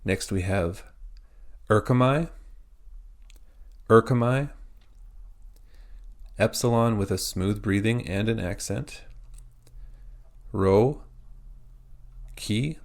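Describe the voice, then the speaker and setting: A man teaching a pronunciation lesson, spelling out words letter by letter in a slow, methodical way. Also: sits low, creaky, a little mellow.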